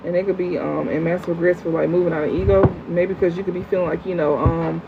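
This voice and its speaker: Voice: medium pitch, fairly even intonation, fast, gravelly. Blunt, slangy tarot reader on thin audio. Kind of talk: livestream tarot reading, answering chat. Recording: phone-like audio with faint hum.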